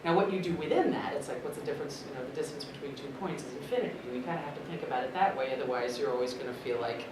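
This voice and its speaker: A low-pitched woman talks shop in a chatty, expressive way, as a seasoned voice actor and director. She is recorded from a distance in a reverberant convention room, with loud crowd noise underneath. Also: very fast, hardly any pauses. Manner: chatty and expressive, thinking aloud. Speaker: voice actor and dub director, interview guest. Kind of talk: press interview answers at a convention.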